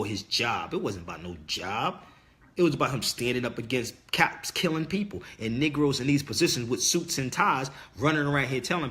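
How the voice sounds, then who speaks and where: Here a middle-aged man with a medium-pitched, fairly bright voice hosts a livestream. His casual monologue to viewers is preachy, emphatic, and insistent, with key words repeated the way a sermon would.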